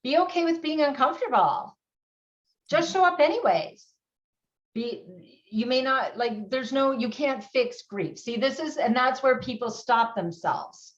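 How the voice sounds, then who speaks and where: A middle-aged woman talks with lively energy, laughing as she speaks, her voice pitched a little high. The sound is dull and lo-fi, like a video call. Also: measured pace. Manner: animated, laughs often, acts out quotes. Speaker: guest on grief. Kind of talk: conversational interview.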